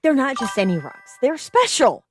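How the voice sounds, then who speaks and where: A woman's voice: high voice, huge pitch swings, normal speed, faint music behind, voice pushed up. A woman reading a nonchalant young woman friend. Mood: sly. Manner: nonchalant, whiny. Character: evasive young woman friend hiding a bag.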